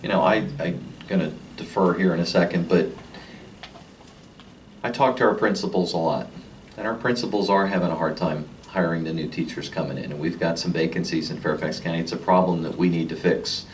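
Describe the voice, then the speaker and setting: A county supervisor arguing firmly at a public debate. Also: male voice, low-pitched, fairly even intonation, brisk. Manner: firm, argumentative. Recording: distant mic with faint noise.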